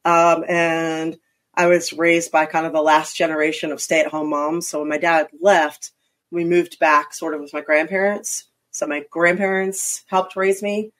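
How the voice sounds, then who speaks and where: A middle-aged woman from Philadelphia, chatting as an interview guest with quick, self-mocking asides. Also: low voice, level tone. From Philadelphia area, US. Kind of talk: casual interview chat.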